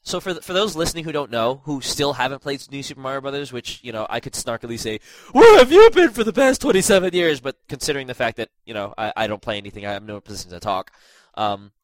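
A man's voice: medium pitch, fast talker, fairly bright tone, dry recording, rough recording. Stuffy-nosed young man hosting a chat. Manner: rambling, filler-heavy, self-deprecating. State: stuffy nose. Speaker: podcast host. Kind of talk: casual gaming podcast chat.

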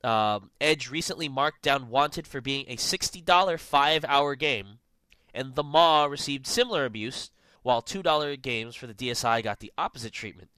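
A man's voice: mid-range voice, normal speed, sharp tone, smooth, no room sound. A man hosting a casual podcast, rambling and joking with plenty of fillers. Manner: rambling, jokey, lots of fillers. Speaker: podcast host.

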